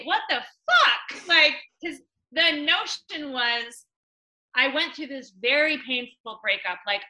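A young woman on a podcast telling a personal story in a chatty way, full of "like" and loud acted-out quotes. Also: high voice, poor audio. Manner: chatty, many "like" fillers, acts out quotes loudly. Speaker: podcast guest.

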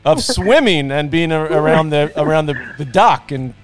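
A man's voice: on the high side, very animated, moderate pace, faint music behind. A man from New York hosting a podcast, telling stories and reminiscing in a casual interview. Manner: storytelling, reminiscing. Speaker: podcast host.

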